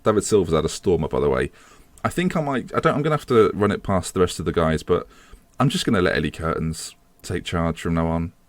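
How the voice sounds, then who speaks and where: A deep-voiced man talks through his football management game in a chatty, self-mocking way. He swears now and then when his side slips up. The recording is dry and close. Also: expressive, quick pace, no echo. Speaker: gaming video host. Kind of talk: casual game commentary.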